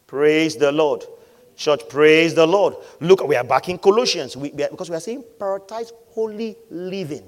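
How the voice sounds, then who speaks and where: A pastor preaching a sermon, calling on the congregation to answer back, swinging between loud exclamations and quiet asides. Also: male voice, fairly high pitch, moderate pace. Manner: calls for congregation responses.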